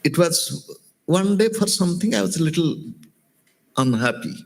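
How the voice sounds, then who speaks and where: A man with an Indian accent, a spiritual teacher giving a sermon, telling stories gently and repeating lines, asking listeners direct questions. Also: fairly high pitch, animated, normal speed, gravelly. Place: lecture hall.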